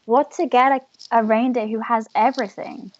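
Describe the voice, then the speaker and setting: A woman voicing Mrs. Claus, a kindly, grand old woman who speaks gently and like a mother. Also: fairly high pitch, fairly even intonation, moderate pace, lo-fi sound, lightly acted. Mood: gentle.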